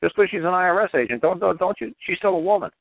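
A man's voice: high-pitched, lively intonation, quick pace, gravelly, dry recording. A man hosting a call-in radio show, talking in a blunt, profane, rambling and emphatic way, over a tinny phone-like line with dry sound.

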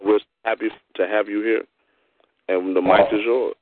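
Male host, low voice, effusive and repetitive, phone-line sound, dry. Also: little pitch movement, normal speed. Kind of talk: casual chat.

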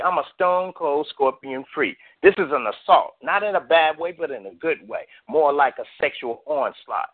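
Man, guest poet, rhythmic boastful recital, animated swings in pitch, phone-line sound. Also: no echo. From US West Coast. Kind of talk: recited explicit spoken-word poem.

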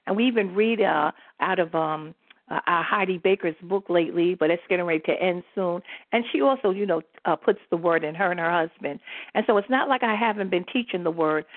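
A woman's voice: medium pitch, no room sound. A woman apostle leading a prayer call, preaching fervently and peppering her talk with hallelujahs. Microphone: phone line. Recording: tinny dry phone line.

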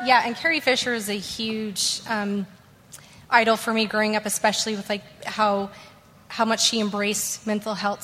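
A woman's voice: mid-range voice, a bit bright. Young woman, sincere, hesitant, panel talk, reverberant hall, faint room noise. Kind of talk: panel discussion.

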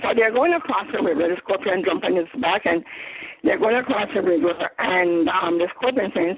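Husky Jamaican woman preaching over the phone. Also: lowish voice, expressive, a little fast. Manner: repetitive restarts, frequent throat-clearing. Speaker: Bible study teacher, elder. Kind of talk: teaching sermon, storytelling. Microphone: phone call. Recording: tinny phone line.

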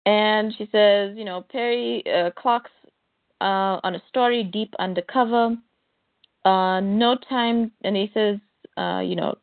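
A woman's voice: medium pitch, steady tone, unhurried, vocal fry, no echo. Laughing woman on a tinny phone line. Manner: laughs often, loose quoting with fillers. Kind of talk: casual comic book recap chat. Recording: dry, tinny phone-like sound.

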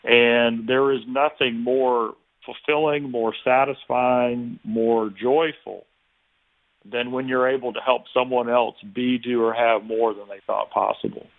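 A man telling a long personal story in an interview, relaxed and anecdotal, acting out the people in it. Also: medium pitch, a little slow, vocal fry. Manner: relaxed anecdotal, many restarts and quoted dialogue. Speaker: guest. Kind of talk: conversational storytelling. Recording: tinny phone-like line.

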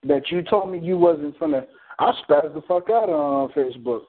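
A man's voice: on the high side, moderate pace. A man on a community call, telling a story in a blunt, heated, profane way. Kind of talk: casual storytelling. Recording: phone-like call audio.

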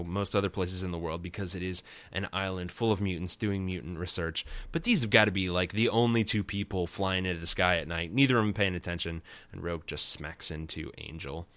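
A man's voice: deep voice, a bit bright, no echo. A man hosting a podcast, giving a casual comic recap with rambling, wry and sarcastic asides. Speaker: podcast host.

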